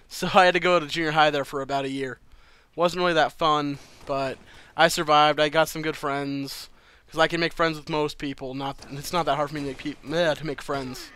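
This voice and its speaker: A man's voice: fairly high pitch, steady tone, moderate pace, fairly bright tone, clean tone, no room sound. A man casually telling a personal story to camera, chatty and loose, swearing freely and laughing between lines.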